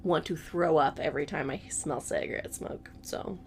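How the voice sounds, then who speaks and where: A woman's voice: low voice, fairly even intonation, moderate pace, gravelly, slight background noise. A woman co-hosting a podcast in casual chat, blunt and teasing, laughing often. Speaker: podcast co-host.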